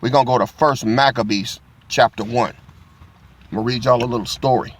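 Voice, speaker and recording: A man's voice: mid-range voice, steady tone, brisk, a little hiss or hum. A middle-aged man teaching from the Bible in a casual, profane storytelling style, laughing as he goes.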